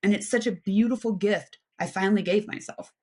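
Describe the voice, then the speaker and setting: A woman's voice: medium pitch, brisk, a little mellow. A woman in her fifties from the United States, a podcast guest telling her life story with energy, talking at length in long flowing runs. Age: 50s. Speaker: guest, aerospace engineer and adventure athlete. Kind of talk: animated personal storytelling.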